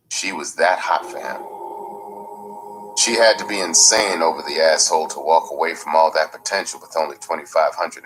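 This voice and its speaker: Deep, husky man narrating a memoir. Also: a bit bright, rough recording. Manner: slow, measured, gritty storytelling. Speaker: audiobook narrator. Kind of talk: first-person memoir narration. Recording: faint music underneath.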